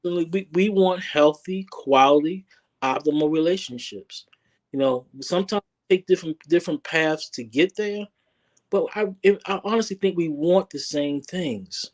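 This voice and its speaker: A man's voice: on the high side, moderate pace, a little mellow. A man who works as a relationship coach, speaking earnestly as an interview guest and often repeating words while he thinks. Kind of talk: interview guest, casual talk.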